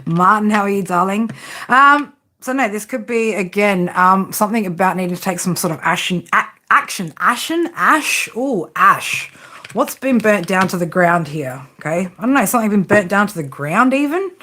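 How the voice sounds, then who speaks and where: A woman's voice: mid-range voice, animated, normal speed, bright, forceful tone. A woman giving a casual live tarot reading, chatting and joking with viewers and swearing freely. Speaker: tarot reader.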